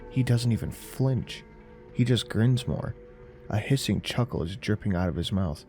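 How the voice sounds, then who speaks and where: A man narrating a horror story in a slow, measured, deadpan way. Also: fairly low pitch. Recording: narration over faint music.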